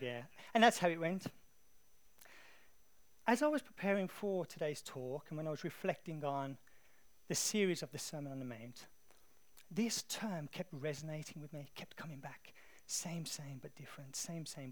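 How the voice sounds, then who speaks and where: An English man preaching a sermon in a conversational, animated storytelling way. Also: a little high, normal speed.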